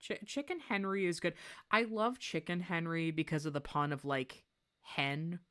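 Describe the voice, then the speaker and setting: A young adult woman chatting casually on a livestream while she draws, excitable and gushing, laughing often. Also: on the low side, moderate pace. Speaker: art streamer.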